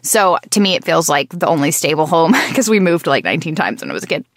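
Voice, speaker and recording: A woman's voice: sits low, sing-song, quick pace, a bit bright, no room sound, clean studio sound. A woman in her thirties in casual conversation, rambling and restarting her sentences, with a groggy morning voice. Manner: chatty, rambling with frequent restarts and self-corrections.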